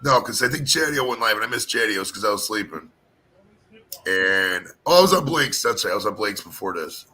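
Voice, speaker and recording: Hoarse bright-voiced man rambling casually. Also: on the low side, expressive, brisk, low-quality recording. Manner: rambling, profane, laid-back. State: hoarse from talking all day. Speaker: panel show host. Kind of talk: casual live-stream chat.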